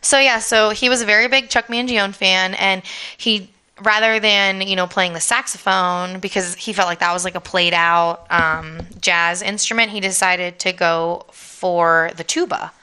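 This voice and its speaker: A woman co-hosting a podcast, casually inventing a mock biography with playful deadpan storytelling. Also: mid-range voice, measured pace, clear, resonant tone. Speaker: podcast co-host. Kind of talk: improvised comedic chat.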